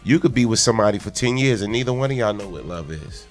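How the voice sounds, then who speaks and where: A man co-hosting a call-in radio talk show, speaking in a calm, measured way. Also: lowish voice, soft background music. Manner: calm, measured, agreeable backing.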